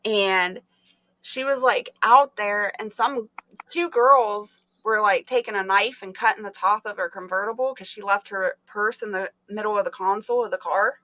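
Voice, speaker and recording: A middle-aged woman hosting a livestream, telling animated stories in casual chat and laughing often. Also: mid-range voice, moderate pace. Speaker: livestream host.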